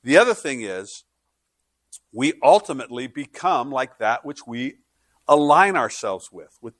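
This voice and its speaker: A male pastor delivers a sermon, moving from easygoing storytelling into fervent preaching. His voice sits in a middling pitch. The sound is dry and close, with little room in it. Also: big pitch swings, unhurried, fairly bright tone, no room sound.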